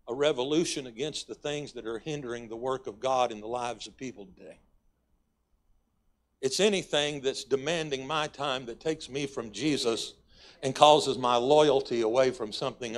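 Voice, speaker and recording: A man with a Texas accent, a guest pastor preaching a folksy, conversational sermon in a church. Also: medium pitch. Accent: Texan. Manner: folksy, conversational preaching with sudden emphatic rises.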